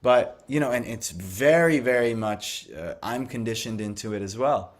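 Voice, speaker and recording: A man's voice: medium pitch, expressive, moderate pace. A young man telling a devotional story and teaching in a conversational way, full of fillers and restarts. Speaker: scripture class speaker.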